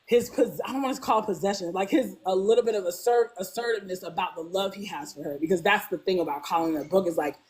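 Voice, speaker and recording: Woman guest, chatty and animated, quoting characters with big swings. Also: quick pace, hardly any pauses. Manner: animated, acts out characters' lines with big pitch jumps; peppers speech with "like". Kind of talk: casual fan discussion.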